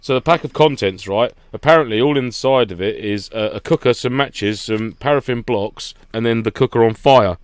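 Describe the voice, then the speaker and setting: A man's voice: medium pitch, moderate pace, hardly any pauses, clear, resonant tone, dry recording. Laughing, ranting man on a podcast. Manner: jokey ranting, frequent laughter. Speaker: podcast co-host. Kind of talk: casual chat.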